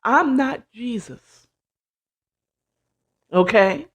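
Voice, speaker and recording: Lively woman giving casual life advice. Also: on the high side, very slow, slightly rough. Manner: animated, swears, acts out quoted voices; says "child" and "you know what I'm saying". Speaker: host.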